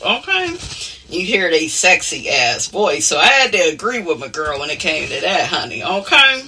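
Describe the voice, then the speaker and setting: A woman's voice: sits low, expressive, moderate pace, pushed and bright, breathy edge, far from the mic. A woman talking casually as she recaps reality TV. She is sassy and outspoken and keeps dropping "honey" and "okay?" as asides. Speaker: reality TV commentator.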